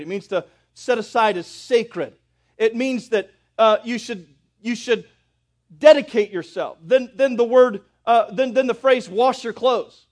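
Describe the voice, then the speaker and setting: A man with a very high voice preaches a sermon. He talks right to his listeners and builds from quiet stretches to forceful ones. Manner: addresses congregation directly, builds in intensity. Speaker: pastor.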